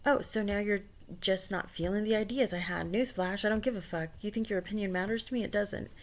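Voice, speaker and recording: A woman's voice: medium pitch, fairly quick, natural voice. A woman reading aloud the replies of a hostile chatbot, in a sneering, scornful manner with repeated put-downs. She uses her everyday voice. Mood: contemptuous. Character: hostile swaggering chatbot, contemptuous toward users.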